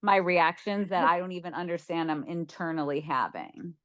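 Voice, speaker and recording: A woman's voice: fairly low pitch, normal speed, fairly bright tone, no room sound. Young woman, casual video-call chatter, dry close sound. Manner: chatty, many "like" fillers, laughs easily. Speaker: group member sharing. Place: lying on a bed at home.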